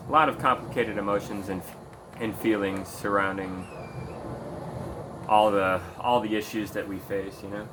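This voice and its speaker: A man ranting in a casual commentary video, heated and sarcastic, swearing often. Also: lowish voice. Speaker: video creator.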